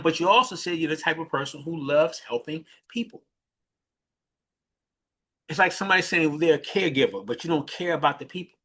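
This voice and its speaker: A man giving a motivational teaching talk as a leadership mentor, animated and often restarting his phrases. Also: a little fast, pauses often, slightly rough. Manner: animated, restarts phrases often, jumps high when imitating others.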